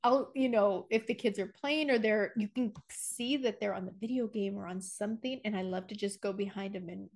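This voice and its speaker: A woman in her forties co-hosting a podcast, chatting casually and telling animated stories, laughing often and acting out the scares she describes. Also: mid-range voice, brisk, vocal fry, hardly any pauses. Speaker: podcast co-host. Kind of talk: casual chat.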